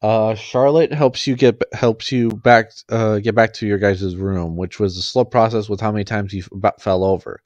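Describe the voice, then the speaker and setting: A man reading a story aloud, unpolished and full of restarts. His voice is fairly low, and the sound is close and dry. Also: fairly even intonation, moderate pace, few pauses, darkish tone, dry recording, highs cut off. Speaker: story reader. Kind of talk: reading fan fiction aloud.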